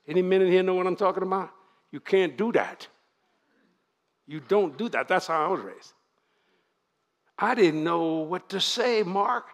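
Older man, Cajun drawl, gravelly voice, slightly high, folksy sermon storytelling. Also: a bit bright. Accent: Louisiana Cajun. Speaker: preacher.

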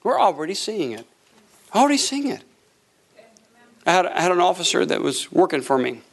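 Male pastor, middle-aged, high voice, preaching live in a church, dynamic swings from hush to shout. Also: very animated, normal speed, vocal fry. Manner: tells a story with quoted dialogue. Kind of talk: sermon. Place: church sanctuary before a congregation.

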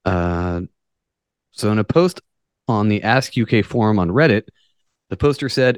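Man, podcast host, casual profane chat, low-pitched, dry close mic. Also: lively intonation, a little slow, long pauses, clear, resonant tone, no room sound. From United States. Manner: profane, jokey, reads articles with sarcastic asides. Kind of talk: casual podcast chat, reading news aloud.

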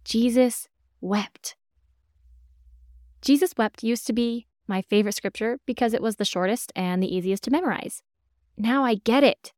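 A woman podcast host with a fairly high voice speaks reflective commentary to her listeners. She is heartfelt and gently urging. The recording is dry and close. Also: normal speed, no echo.

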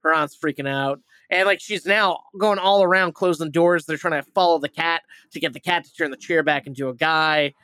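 A man's voice: a little high, a little fast, few pauses, bright, forceful tone, smooth, dry recording. A man hosting a movie review podcast, retelling a plot in a rambling, casual way, full of fillers, restarts and swearing.

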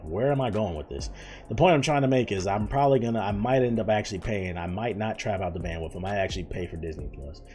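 A man's voice: on the low side, a little mellow. A young man hosting his own podcast, ranting casually with lots of swearing, restarts and exasperated asides. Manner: profane, rambling, exasperated. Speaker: podcast host. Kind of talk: casual solo podcast rant.

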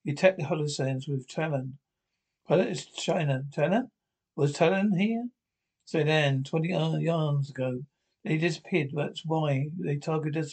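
A man's voice: on the high side, a little mellow, slightly rough. A man reading an episode script aloud, directions and dialogue alike, with frequent stumbles and restarts. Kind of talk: read-aloud script narration.

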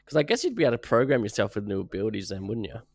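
A man's voice: lowish voice, big pitch swings, rapid-fire, dry recording. A man co-hosting a casual podcast, asking questions, hesitant and often laughing. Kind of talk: casual chat.

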